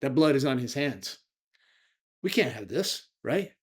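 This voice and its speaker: A man's voice: mid-range voice, very animated, unhurried, slightly rough. Indignant man talking to his viewers. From United States. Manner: indignant, chatty, direct to viewers. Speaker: vlog host. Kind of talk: casual political commentary to camera.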